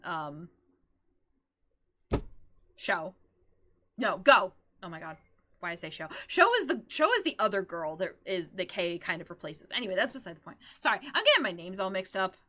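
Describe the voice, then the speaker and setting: This livestreaming woman gushes about the characters she loves in a loose, rambling chat, giggling and frequently letting out squeals. She speaks at a medium pitch.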